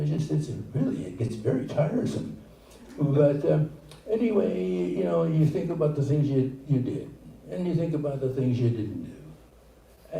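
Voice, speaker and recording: Older male stand-up, slow and rambling, restarts often; recorded far off in a roomy hall. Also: fairly high pitch, creaky, warm tone. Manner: halting, rambling delivery with many restarts. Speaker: stand-up comedian. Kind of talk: stand-up set. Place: comedy theater stage, live audience. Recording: echoey room, far from mic, noisy.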